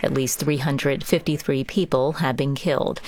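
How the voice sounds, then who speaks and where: Low-voiced woman reading the news. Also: steady tone, darkish tone, a little hiss or hum. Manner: measured formal news delivery. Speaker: newscaster. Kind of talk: scripted newscast.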